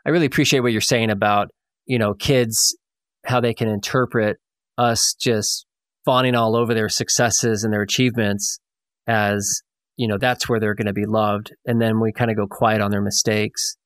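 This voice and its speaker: A man's voice: lowish voice, steady tone, moderate pace, dry recording, studio quality. A man hosting a podcast interview, talking in a reflective, affirming way with many fillers. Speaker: podcast host.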